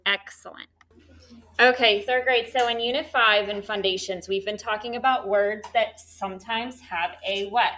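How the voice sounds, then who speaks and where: Bright-voiced woman teaching phonics. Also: medium pitch, moderate pace, slight background noise. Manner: animated, coaxing call-and-response questions. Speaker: third grade teacher. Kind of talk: classroom phonics lesson. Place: classroom.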